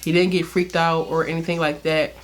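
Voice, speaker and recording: A woman's voice: deep voice, level tone, a little fast. A young woman vlogger telling a personal story in a candid, chatty way, laughing often and using lots of fillers. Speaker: beauty vlogger. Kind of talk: casual storytime.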